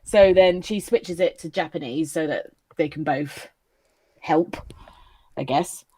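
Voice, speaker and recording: A woman's voice: deep voice, takes it slowly, dark tone, husky. A woman co-hosting a casual anime review. She recaps the plot with a giggle and many fillers. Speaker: co-host.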